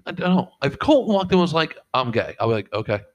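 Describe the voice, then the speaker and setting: A man's voice: sits high, very animated, racing, muffled recording. A middle-aged man in casual podcast chat, telling rambling, profane stories and acting out what people said. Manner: profane, rambling storyteller who acts out quotes. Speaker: podcast co-host and father.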